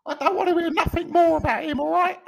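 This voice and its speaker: A man's voice: extremely high pitch, fairly even intonation, quick pace, gravelly, pitched above the performer's own voice. A man voicing a bossy, nagging wife in a Cockney accent as a comedy bit on a podcast. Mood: scolding.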